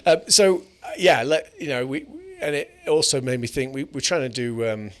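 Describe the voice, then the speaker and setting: A man's voice: medium pitch, animated, moderate pace, fairly bright tone. A man co-hosting a podcast in casual chat, musing tentatively and trailing off as he thinks. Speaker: podcast co-host.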